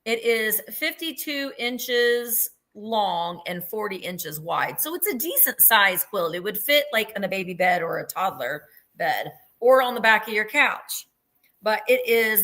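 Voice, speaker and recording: A middle-aged woman hosting a live sale in a bright, forceful voice that sits a bit above the usual pitch. She chats loosely and gushes over every detail. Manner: chatty, gushing, describes items at length. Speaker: host of a live vintage sale. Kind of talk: casual live-sale chat.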